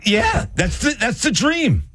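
A man's voice: very high-pitched, wildly swooping pitch, slow pace, fairly bright tone, no room sound, clean studio sound. A man hosting a radio show, needling his co-host in casual teasing banter.

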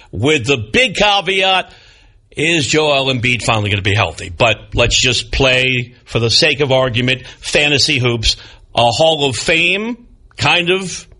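An older male sports talk host with a bright, forceful voice and a slightly husky edge. He talks with a lively, swooping delivery and rides his pitch up and down. His commentary is opinionated and punctuated with wry jokes at his own expense. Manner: animated, opinionated, with wry self-deprecating asides. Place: broadcast studio. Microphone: studio microphone.

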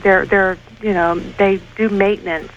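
Slow, hesitant woman caller on a lo-fi line. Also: mid-range voice, steady tone, a little hiss or hum. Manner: hesitant, full of fillers and restarts. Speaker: radio caller. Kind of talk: phone-in chat.

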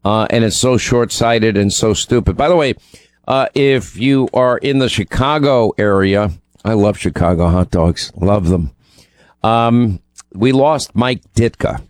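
Slightly slow and lowish, this man's voice comes through as a dry recording from a radio studio. The New York co-host rambles casually over ad reads and news, often restarting and filling gaps with um.

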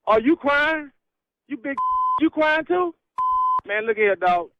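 A man's voice: extremely high pitch, lively intonation, slow pace, dull audio, very noisy. A man on the phone who laughs as he pushes back in slang against an angry caller. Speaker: prank call target.

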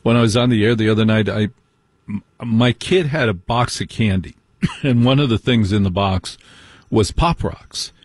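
A man's voice: fairly low pitch, moderate pace. A man hosting a late-night call-in radio show in a chatty, joking way, talking into a studio mic. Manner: chatty, joking, asides and laughs. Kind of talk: casual call-in radio chat.

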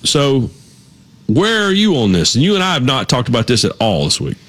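A man's voice: medium pitch, big pitch swings, fairly quick, fairly bright tone. A man co-hosting a sports talk show in a studio, telling stories and laughing easily. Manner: rambling storyteller, laughs easily.

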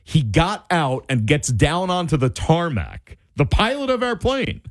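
A man telling a personal story in a casual, animated way, full of "like" and restarts. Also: on the high side, measured pace, no echo, clean studio sound. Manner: animated, wide-ranging delivery, lots of "like" and restarts.

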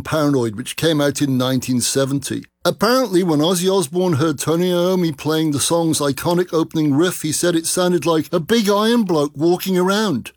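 A man's voice: a little high, no echo, clean studio sound. A man hosting a rock music radio show, chatting enthusiastically and jokily between songs.

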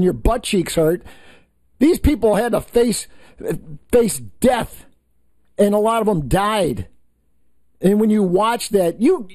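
A man's voice: high voice, dark tone, no room sound. A man hosting a political talk show, ranting heatedly and scornfully, often tripping over and repeating his words. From New York State. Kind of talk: political commentary rant.

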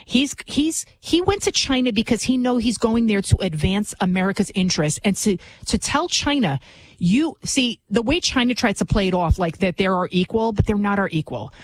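A woman's voice: medium pitch, expressive, normal speed, low-quality recording. A woman giving an impassioned political monologue as a commentator, emphatic and repetitive, often tagging lines with a rhetorical "right?".

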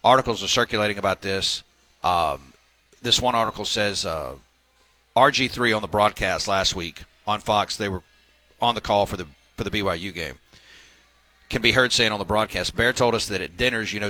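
A man's voice: lowish voice, sharp tone, dry recording, low-quality recording. A man hosting a sports talk radio segment, reading news items with filler words and wry asides.

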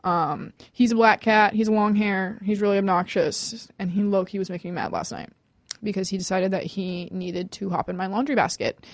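A twenty-year-old woman hosts a student radio show, chatting casually in a medium-pitched voice. She talks fast and nervously, with lots of fillers and restarts, in a dry recording.

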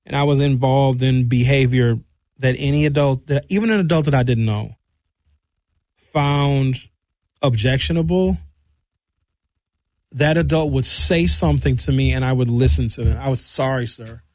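A man's voice: medium pitch, moderate pace, long pauses, no echo. A man, talking in a casual monologue and acting out voices as he tells stories. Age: 50s. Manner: animated storytelling with shouted impressions.

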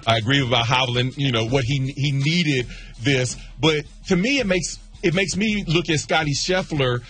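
A man co-hosting a sports radio show in casual talk, measured and agreeable as he thinks aloud. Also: mid-range voice, fairly bright tone, faint music behind.

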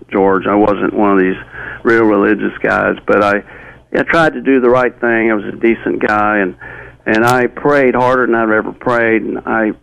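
A man, an interview guest, recounting a personal story in a halting way with many fillers and restarts. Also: lowish voice, vocal fry, fairly bright tone, no room sound, poor audio.

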